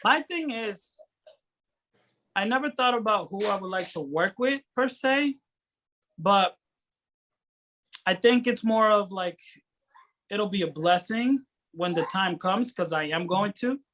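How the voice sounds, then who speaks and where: A man's voice: high-pitched, animated, unhurried, pauses often, a bit bright. A man from Rhode Island, a guest in a casual interview, talking with enthusiasm and rambling as he searches for words. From Rhode Island, USA. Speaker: guest actor and filmmaker.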